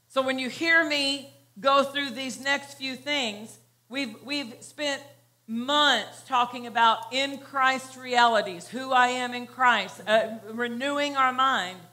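A woman pastor preaching a sermon, slow and emphatic, repeating key phrases for weight. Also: fairly high pitch, pushed and bright.

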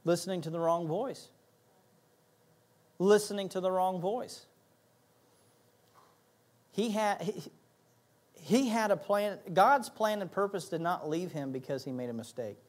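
A man's voice: high-pitched, expressive, measured pace, long pauses. A man pastor preaching a sermon, emphatic, repeating key phrases and acting out little asides.

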